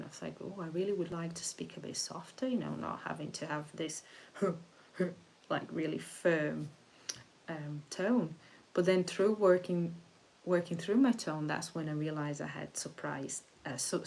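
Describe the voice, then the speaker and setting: A woman hosting a spiritual livestream, talking in a soft, meandering way with frequent restarts. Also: on the low side, moderate pace, creaky, a little hiss or hum, rough recording. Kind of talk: casual reflective livestream talk.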